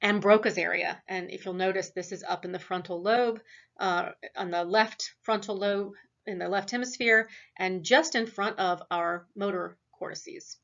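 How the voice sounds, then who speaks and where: Tired-sounding woman lecturer, lots of ums and restarts, dull lo-fi laptop mic, mid pitch. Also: fairly even intonation, normal speed, gravelly, a bit bright. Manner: explanatory, with frequent fillers and restarts. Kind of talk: recorded online lecture.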